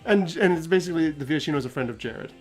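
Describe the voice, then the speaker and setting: A man's voice: on the high side, expressive, very fast, faint music behind. A man hosting a casual story recap, talking animatedly, laughing often and acting out quotes. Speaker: host.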